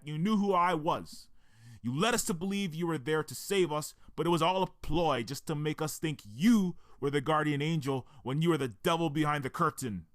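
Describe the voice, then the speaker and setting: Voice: medium pitch, no room sound, studio quality, lightly acted. Someone playing an indignant betrayed detective. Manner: accusing, indignant. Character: betrayed male detective, angry and hurt.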